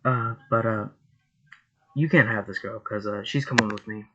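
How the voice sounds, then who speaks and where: A man voicing a brash, cocky young male pirate captain who shouts excitedly, then talks smugly, over a noisy home recording. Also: fairly low pitch, moderate pace, muffled recording, lightly acted.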